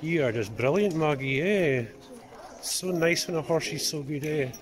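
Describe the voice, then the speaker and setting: A woman's voice: low voice, moderate pace. A woman chatting casually while filming at a riding stable, cooing at the horses and encouraging her child with lots of tag questions. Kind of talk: casual vlog chat. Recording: music playing over the voice.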